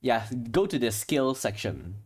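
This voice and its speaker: A man's voice: medium pitch, measured pace. A man running a tabletop sci-fi horror game as game master, narrating action and explaining rules with frequent restarts. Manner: steady, explains rules, restarts mid-phrase.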